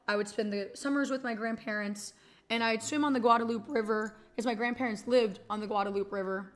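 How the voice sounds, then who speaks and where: A young woman from Texas talks to her stream in a loose, rambling way. Her voice sits a little high, and she swears casually while getting tender and emotional. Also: steady tone, fairly quick. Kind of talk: casual chat.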